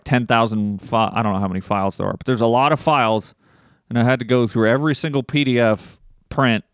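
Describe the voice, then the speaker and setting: A man co-hosting a podcast in casual chat, animated, swearing freely and laughing often. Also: mid-range voice, no room sound, studio quality. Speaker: podcast co-host.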